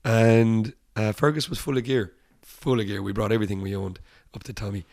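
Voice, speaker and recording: A man's voice: fairly low pitch, a little fast. An Irish musician in an interview, telling anecdotes casually and acting out the voices of people in his stories. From Ireland. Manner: animated anecdotes, acts out quoted voices, laughs often. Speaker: musician guest.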